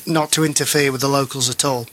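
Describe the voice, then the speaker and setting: A man's voice: mid-range voice, fairly even intonation, fast talker, noisy background. A man co-hosting a casual gaming chat, explaining things with hesitant fillers.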